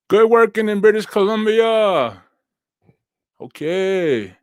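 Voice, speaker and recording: A man's voice: mid-range voice, unhurried, dry recording, studio quality. Laid-back, slangy young man hosting. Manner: laid-back, slangy, lots of fillers and shout-outs. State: recovering from injuries, sitting down. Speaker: host. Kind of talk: casual livestream chat. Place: at home, seated with laptop and phone.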